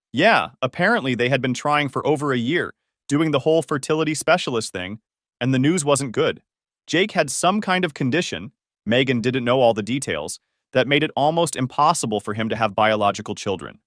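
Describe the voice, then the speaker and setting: Male narrator, mid-pitched, animated delivery, wry and sarcastic, dry booth sound. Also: dry recording. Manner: conversational with wry, sarcastic asides. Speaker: story narrator. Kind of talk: scripted first-person story narration.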